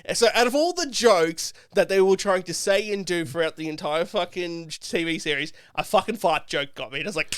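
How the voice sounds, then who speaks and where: A man's voice: high-pitched, expressive, brisk, few pauses, smooth, no room sound, clean studio sound. A man co-hosting a podcast, chatting casually and retelling a show in a profane, rambling way with lots of filler words. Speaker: podcast co-host. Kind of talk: casual chat.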